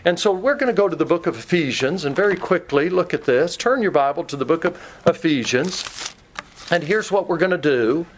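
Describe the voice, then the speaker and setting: A man's voice: on the high side, lively intonation, brisk, slight background noise. A man with a Kentucky accent preaching a sermon in a conversational way, teasing himself and acting out little scenes for the congregation.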